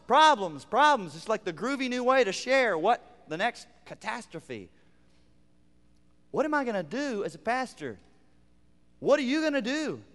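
A man preaching a sermon as pastor, building through emphatic repeated phrases and then dropping to near-quiet asides. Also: sits high, big-room sound. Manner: preaching with rising emphatic repetition and sudden quiet drops.

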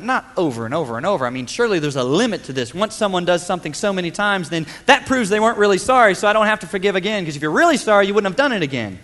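A man preaching a sermon in a church, swinging between loud urgent lines and hushed, quiet ones. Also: high voice, long reverb tail. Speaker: pastor.

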